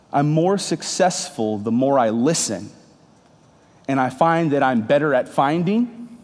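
A man's voice: medium pitch, darkish tone. A man in his thirties preaching a sermon to a congregation, conversational and joking with the room. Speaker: pastor. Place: church hall with congregation. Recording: reverberant hall.

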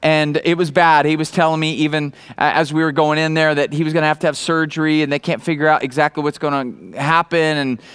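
A male pastor in middle age delivers a sermon with a notably high-pitched voice. He tells his story earnestly, then climbs into loud, excited preaching. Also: brisk, hardly any pauses, clear, resonant tone.

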